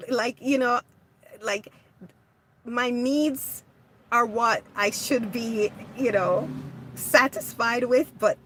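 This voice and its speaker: Soft-spoken, slow woman host. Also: a little high, slight background noise. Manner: gentle, warm-hearted, hesitant with restarts. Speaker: livestream host. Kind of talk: casual livestream chat reading comments.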